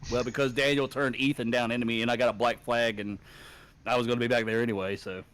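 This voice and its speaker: A man's voice: medium pitch, flat delivery, fast talker, fairly bright tone. A man who races online, ranting angrily after a race and swearing constantly over voice chat. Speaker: sim racing driver. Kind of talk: profane post-race rant.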